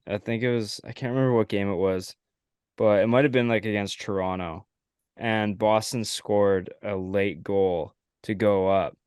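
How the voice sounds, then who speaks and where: A man's voice: fairly low pitch, darkish tone, smooth, no echo, clean studio sound. A man hosting a casual sports podcast, laughing often and agreeing easily. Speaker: podcast host.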